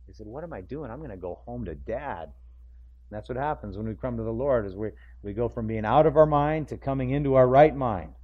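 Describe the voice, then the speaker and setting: A middle-aged man preaching a sermon, acting out the people in the story in quick joking asides. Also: medium pitch. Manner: acts out the crowd and figures in quick asides, joking. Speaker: pastor. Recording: dull lo-fi sound.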